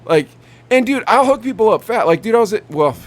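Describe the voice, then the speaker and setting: A young man co-hosting a podcast, telling animated stories about customers at his vape shop and acting out what they said. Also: high-pitched, brisk. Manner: animated storytelling, acts out customers. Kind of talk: casual chat.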